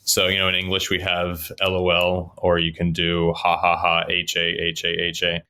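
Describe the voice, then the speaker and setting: Male regular contributor, deep and bright, relaxed, quick to laugh. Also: clear, resonant tone. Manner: laughs often, relaxed storytelling. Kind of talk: casual chat.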